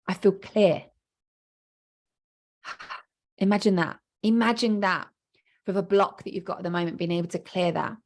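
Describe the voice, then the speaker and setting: A woman's voice: lowish voice, moderate pace. A woman hosting her own coaching podcast, talking energetically and acting out inner voices with emphatic repetition. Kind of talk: podcast monologue.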